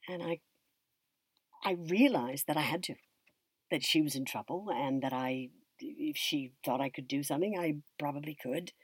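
Being interviewed, an American actress and teacher recounts a personal story unhurriedly and thoughtfully, drifting off and restarting often. Her voice is low-pitched and husky, recorded with no echo.

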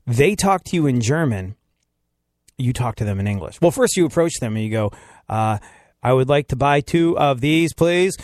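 A man hosts a talk radio show and tells a story in a loose, animated way, laughing often as he goes. His voice sits in a middle register. The studio sound is dry and close. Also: mid-range voice, no room sound. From United States. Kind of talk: casual talk radio monologue.

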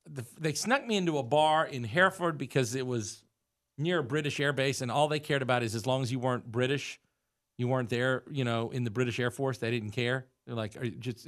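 A man in his forties from the United States, telling a story in casual chat and acting out the voices in it. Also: mid-range voice. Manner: animated storyteller who acts out quoted voices.

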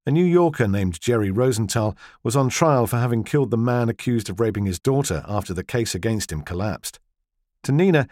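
A male audiobook narrator reading prose in a measured storytelling manner. His pitch moves in a lively way across each sentence, and the studio sound is dry and close. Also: dry recording. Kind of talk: scripted narration.

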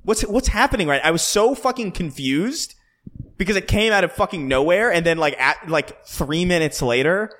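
A young man co-hosting a podcast, telling stories in casual chat with plenty of swearing and animated restarts. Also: high-pitched, normal speed. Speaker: podcast co-host.

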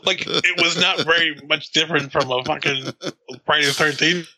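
Man, casual movie-chat co-host, very bright tone, profane and animated storyteller. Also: on the high side, normal speed, rough recording. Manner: profane, laughing, acts out scenes in quotes.

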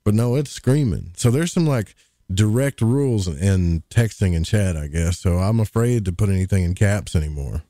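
A man's voice: fairly low pitch, animated, moderate pace, warm tone, no echo, clean studio sound. A man, co-hosting a podcast in casual, rambling chat with jokes. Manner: folksy, rambling, jokey. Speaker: podcast co-host.

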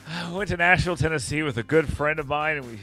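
Guy on a chat show, bright punchy voice, rambles and corrects himself, quiet music behind. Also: fairly high pitch, fast. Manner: rambling, self-correcting storyteller. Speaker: co-host. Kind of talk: casual chat.

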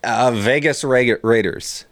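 A man's voice: mid-range voice, slow pace. A man co-hosting a sports podcast, joking and swearing in casual banter. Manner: profane, joking, laughs often. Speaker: podcast co-host.

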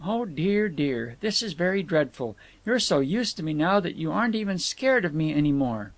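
A haughty, easily irritated young woman, tired and quick to scold. A male narrator lifts his pitch well above his own to play her, and a gravelly edge clings to the voice. The delivery is close and dry. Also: sing-song, dry recording. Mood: teasing. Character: moody, petulant young woman, tired traveler.

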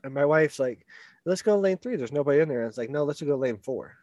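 A man's voice: fairly high pitch, expressive, quick pace, dark tone, no room sound. A man telling a long personal story in a casual, rambling way, repeating words and laughing at himself. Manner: laughs through his own story.

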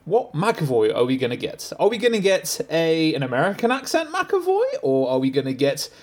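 A man's voice: on the high side, wildly swooping pitch, fairly quick. A man in casual film chat, animatedly retelling his reactions and laughing often. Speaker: film podcast co-host.

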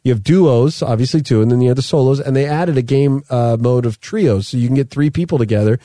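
A man's voice: medium pitch, quick pace, warm tone, no echo, studio quality. A man in his thirties hosting a podcast, telling long rambling stories in casual chat. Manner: rambling storyteller, acts out his sons' voices. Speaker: podcast host.

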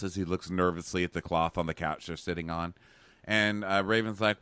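A man co-hosting a casual chat, sarcastic and mocking, leaping into high voices to quote people. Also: normal speed, pushed and bright, no room sound. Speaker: podcast co-host. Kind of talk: casual chat recapping a reality show.

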